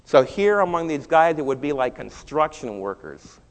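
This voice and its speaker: A man preaching a sermon, telling a Bible story with animated rises and quieter stretches. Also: fairly high pitch, normal speed, long reverb tail. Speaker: pastor.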